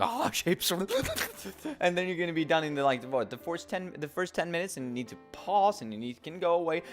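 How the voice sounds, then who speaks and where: A young man giving tongue-in-cheek advice in a rambling, self-mocking vlog with wry asides. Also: a little high. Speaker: vlogger.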